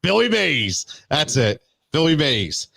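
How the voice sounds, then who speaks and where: A man's voice: fairly high pitch, slow pace, gravelly, a little hiss or hum. A man hosting a casual sports podcast, steering talk and quizzing his co-hosts. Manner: lively, quizzes the others. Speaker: podcast host.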